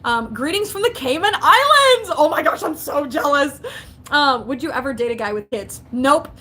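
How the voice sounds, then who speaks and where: Here the young streamer's voice sits high and her pace is moderate as she responds to live chat. Talkative and lively, she leans on fillers and acts out quotes, with slight background hiss or hum.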